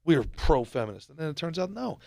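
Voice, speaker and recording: A man from New Jersey co-hosting a podcast, telling stories in an animated, profane way and acting out quotes. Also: a little high, fast talker, gravelly, dry recording, studio quality. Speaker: podcast co-host. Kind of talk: casual podcast chat.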